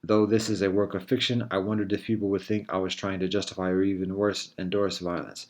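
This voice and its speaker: A man reads his own first-person literary story aloud. He reads in a measured, reflective way with soft pauses. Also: sits low, flat delivery. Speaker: author reading his story.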